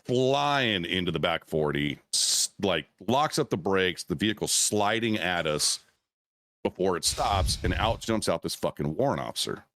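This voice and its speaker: A man's voice: deep voice, fairly bright tone, dry recording. A veteran man on a podcast telling a profane, rambling war story with frequent restarts and swearing. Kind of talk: casual storytelling chat.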